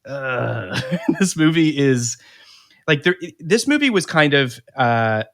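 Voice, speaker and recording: A man's voice: on the high side, very animated, unhurried, a bit bright. Opinionated man chatting on a podcast. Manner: opinionated, frequent restarts and repeated words. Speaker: podcast host. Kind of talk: casual podcast chat.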